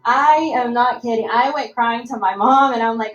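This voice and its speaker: A young woman telling a personal story at a roundtable, lively and acting out the voices of the people she quotes. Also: fairly high pitch, normal speed, highs cut off. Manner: animated, acts out quoted voices. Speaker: roundtable speaker. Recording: echoey room.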